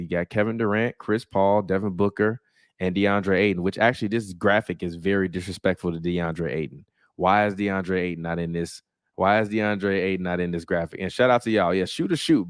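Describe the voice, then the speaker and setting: Male sports host, very low voice, dry close sound, casual and blunt to camera, lots of ums. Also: dry recording. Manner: candid, blunt, defensive, with frequent filler ums. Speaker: sports reporter and show host.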